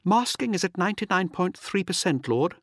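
Guy putting on a brisk lady officer, higher voice, calm and fast. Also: no room sound, studio quality. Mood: crisp report. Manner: quick but calm. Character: brisk female ship officer reporting.

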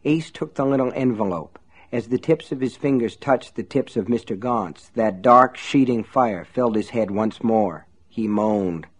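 A man narrating a novel aloud in a steady, measured storytelling way. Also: medium pitch. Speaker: audiobook narrator. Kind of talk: scripted narration.

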